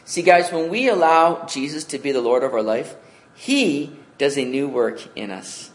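A man preaching a sermon in an animated way, calling his listeners "guys" and swinging between loud emphasis and soft asides. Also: a little high, moderate pace. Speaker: pastor.

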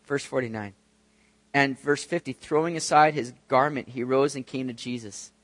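A male pastor reading scripture aloud and preaching an expressive sermon. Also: mid-range voice, moderate pace, no room sound. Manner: expressive, acts out quoted voices.

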